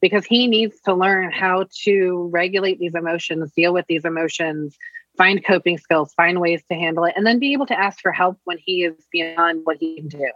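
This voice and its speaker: A woman's voice: fairly low pitch, normal speed, fairly bright tone, no echo. A woman from Virginia, a counselor and mother, chatting candidly and animatedly in a podcast interview. She swears casually as she tells stories. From Virginia, USA. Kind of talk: casual conversation, storytelling. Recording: dull, dry lo-fi sound.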